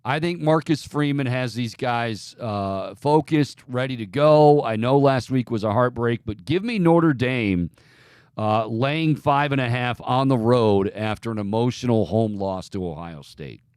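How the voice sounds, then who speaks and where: Male sports-betting host, casual and teasing, medium-pitched, dry recording. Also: a little slow, a little mellow, clean tone, dry recording. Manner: loose, joking, opinionated.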